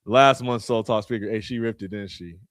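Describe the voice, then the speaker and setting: A man in his thirties hosting a live online community call, shouting out names with slangy, excitable energy and talking casually while sharing his screen. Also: lowish voice, normal speed, no room sound, studio quality. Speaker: host. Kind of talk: hype-filled live community broadcast.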